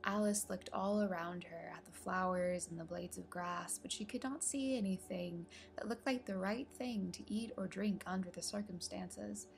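A woman narrating a storybook in a calm, measured way, over soft music. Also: mid-range voice, creaky, slight background noise. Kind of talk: storybook reading.

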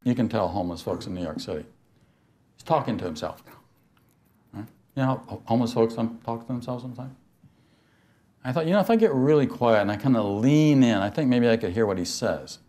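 A man's voice: mid-range voice, animated, brisk, pauses often, dark tone. An older man giving a spiritual talk to an audience, telling stories, laughing and asking his listeners questions. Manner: storytelling, asks the audience questions, laughs often. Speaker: speaker on mysticism.

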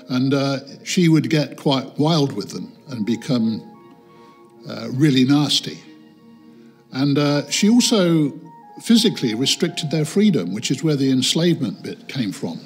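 A man commenting in a documentary interview, thoughtful with many hesitations. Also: mid-range voice.

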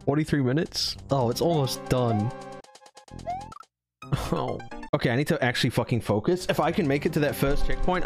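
A young man streaming himself playing a game in a tournament, excitable and jokey, yelling and swearing when things go wrong. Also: medium pitch. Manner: excitable, swears a lot, yells in frustration, jokey. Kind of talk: casual live-stream commentary while gaming.

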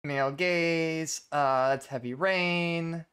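A woman's voice: sits low, takes it slowly, a bit bright, smooth. A young woman streaming live, chatting casually and laughing often as she reacts to a video.

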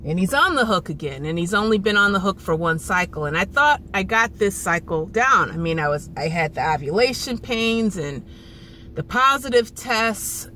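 A woman's voice: mid-range voice, lively intonation, normal speed, pushed and bright, a little hiss or hum. A woman in her thirties venting to camera in a frustrated, rambling way, often repeating herself. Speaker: vlogger. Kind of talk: emotional venting vlog.

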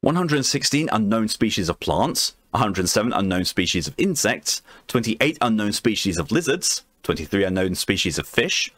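Guy reading stuff aloud on stream, super animated pitch, dry close mic. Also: normal speed, few pauses, dry recording. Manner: reads aloud, breaks off to swear and react.

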